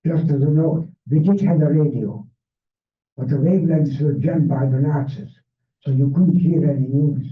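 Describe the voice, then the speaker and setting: Older man, Hungarian accent, fairly high voice, measured storytelling, distant mic, thin phone-like sound. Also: roomy sound. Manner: measured storytelling with non-native grammar. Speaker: Holocaust survivor speaker. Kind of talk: personal testimony talk. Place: library event room.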